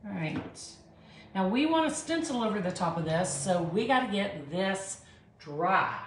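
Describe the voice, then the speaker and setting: A woman's voice: mid-range voice, sing-song, unhurried, a little hiss or hum. A woman with a Southern US accent hosting a live art tutorial, chatting with viewers and talking herself through each step in a self-deprecating way. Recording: echoey room.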